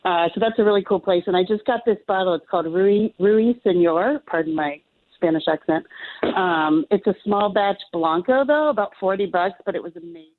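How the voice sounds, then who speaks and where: A woman's voice: lowish voice, brisk. Female radio caller, casual, friendly, phone-line sound. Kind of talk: call-in chat.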